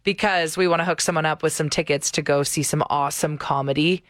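A woman's voice: sits low, fairly even intonation, quick pace, dry recording, studio quality. Teasing Canadian woman radio host. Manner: teasing, playful. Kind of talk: casual radio chat.

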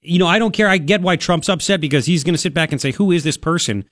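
A man hosting a talk radio show in a studio, delivering an opinionated monologue in a sarcastic, mocking, animated way. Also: high-pitched, rapid-fire, no room sound. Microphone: studio microphone.

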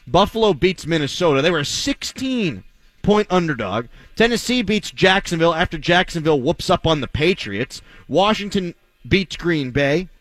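Blunt, lively male sports radio host. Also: a little high, normal speed, dry recording. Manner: blunt, sarcastic, argumentative. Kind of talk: opinionated sports talk radio monologue.

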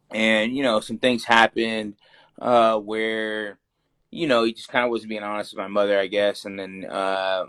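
A man's voice: on the low side, a bit bright. A young man talking casually in an interview, rambling with many fillers as he tells his story. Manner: loose, rambling, heavy fillers. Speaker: interview guest, fighter.

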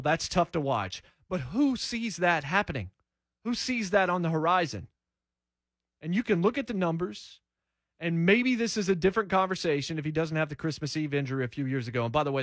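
Male sports radio host, blunt and emphatic, slightly raised pitch, dry close-miked studio sound. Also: a bit bright, dry recording. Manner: blunt, emphatic, rhetorical questions. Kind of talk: opinionated sports talk radio monologue.

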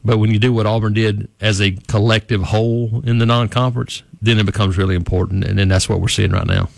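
A man's voice: fairly low pitch, fairly even intonation, fast talker, vocal fry, no room sound. A man who reports on college sports, talking through a team's season on a radio show in a rambling, easygoing way with many restarts. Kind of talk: casual sports radio analysis.

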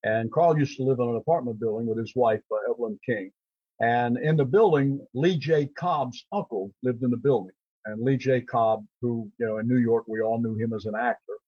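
A man's voice: medium pitch, normal speed, slightly rough, dry recording. An older man, a character actor, telling rambling anecdotes on a radio show and acting out the voices of people he met. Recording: dull lo-fi line.

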